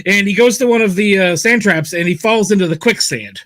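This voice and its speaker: A man's voice: high-pitched, a little fast, fairly bright tone. A man in casual chat, telling jokes in a rambling way, repeating himself and laughing.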